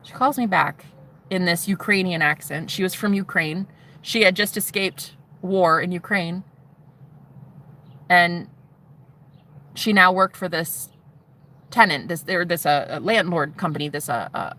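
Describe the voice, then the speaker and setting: A woman speaks from inside a car, telling her own story in a candid vlog. Her voice is bright and sharp, and her telling is blunt and profane, driving points home by repeating them. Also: fairly low pitch, a little slow, pauses often. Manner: blunt and profane, emphatic repetitions. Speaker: vlogger.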